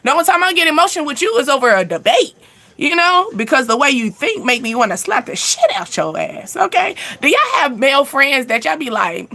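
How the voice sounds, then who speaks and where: A woman's voice: sits high, sing-song, fairly quick, bright, forceful tone. A young woman hosting a casual live stream, speaking candidly and laughing often as she answers viewers' questions.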